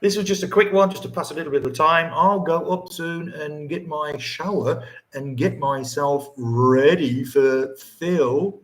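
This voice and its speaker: A man's voice: on the high side, measured pace. A man with an English accent hosting a casual livestream from home, rambling, chatting and reading out viewer comments. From England. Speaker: livestream host. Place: home in the Philippines. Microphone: phone or camera mic.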